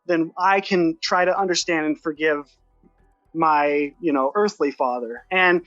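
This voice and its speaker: A man, a podcast guest, telling his personal story in an earnest, heartfelt way, rushing ahead with restarts. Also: a little high, a bit bright, no echo, highs cut off, faint music behind.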